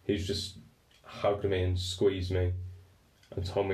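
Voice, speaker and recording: A man's voice: fairly low pitch, fairly even intonation, moderate pace, pauses often, a little mellow. Candid English man in an echoey room. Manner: candid, emotional, swears freely. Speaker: storyteller. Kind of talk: personal storytelling. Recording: roomy echo, distant from mic.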